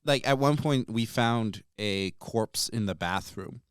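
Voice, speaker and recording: A man recounting his tabletop game moments in a casual podcast chat, with an animated storytelling manner. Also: lowish voice, slow pace, clear, resonant tone, no echo, studio quality. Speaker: player.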